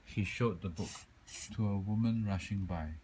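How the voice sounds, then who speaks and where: A man reading a children's picture book aloud in a calm, expressive way. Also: on the low side, moderate pace, a little hiss or hum, low-quality recording. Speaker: storyteller.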